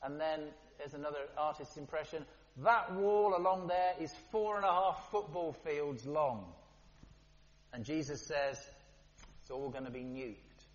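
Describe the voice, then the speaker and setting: A man preaching a sermon in a lively, conversational way, with playful asides. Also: fairly high pitch, unhurried. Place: church hall. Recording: dull, long-reverb church hall.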